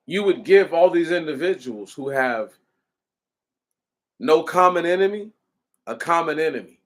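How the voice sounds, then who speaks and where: A man's voice: a little high, lively intonation, unhurried, long pauses. A man delivering an impassioned commentary, hammering his points with repeated rhetorical questions in a preaching cadence.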